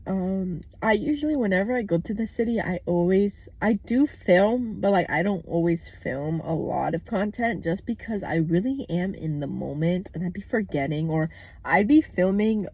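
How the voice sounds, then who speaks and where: A woman's voice: medium pitch, a little mellow, slightly rough, dry recording. A young American woman recording a candid, outspoken video diary from her parked car, swearing freely as she talks. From United States. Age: young adult. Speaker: vlogger. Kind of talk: casual personal video diary.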